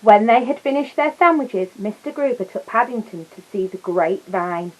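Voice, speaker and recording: A woman reading a picture book aloud to children, gently adding little asides for her listeners. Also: medium pitch, normal speed, poor audio. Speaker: storyteller.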